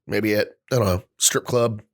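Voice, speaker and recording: A man's voice: on the low side, steady tone, normal speed. A man co-hosting a casual comedy podcast, reading out product blurbs with mock outrage and jokes. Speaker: podcast co-host.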